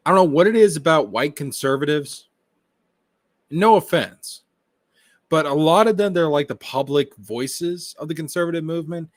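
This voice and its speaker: A man giving reaction commentary on a stream, excitable, profane and mocking. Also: fairly high pitch, normal speed, pauses often, dry recording, clean studio sound.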